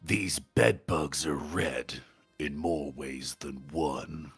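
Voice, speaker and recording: A man voicing an epic movie trailer narrator in a slow, low, half-whispered dramatic delivery. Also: steady tone, a bit bright, husky, no echo, soft background music, full character voice. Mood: ominous.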